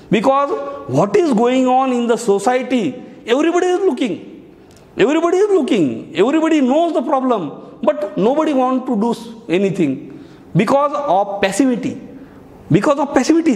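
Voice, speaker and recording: A man's voice: very high-pitched, a little mellow. A male teacher giving a lesson on speech writing, explaining each step and repeating key phrases. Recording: echoey hall.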